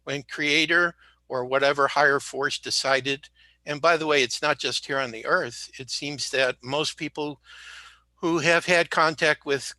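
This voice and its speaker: Bright-voiced man, rambling and jokey. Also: on the high side, fairly even intonation, a little slow, no echo. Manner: rambling, jokey, self-correcting. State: slightly sick. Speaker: guest. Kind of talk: casual interview talk.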